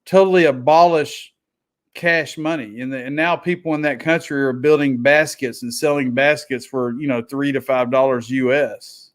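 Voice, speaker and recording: A man's voice: medium pitch, steady tone, normal speed. A man with a Texas accent talking easily as a guest, often repeating words as he starts a thought. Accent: Texan. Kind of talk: casual chat.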